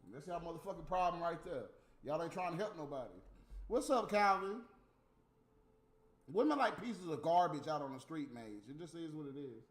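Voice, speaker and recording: A man's voice: expressive, moderate pace, reverberant. A man talking casually and profanely to his viewers on a livestream, mocking and ranting. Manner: profane, mocking, mimics high squeaky voices.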